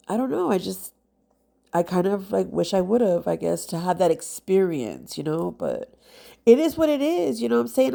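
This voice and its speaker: A woman's voice: lowish voice, vocal fry, warm tone. A woman, a mother, talking casually and heartfelt to camera as a nail vlogger, rambling with many fillers and sounding congested. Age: adult with children.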